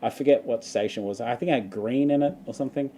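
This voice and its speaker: A young man with an Australian accent tells a long, wandering story to his livestream viewers, laughing often as he goes. His voice is dark and mellow. A faint hiss sits under the recording. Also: mid-range voice, fast talker. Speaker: vlogger. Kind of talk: casual livestream chat.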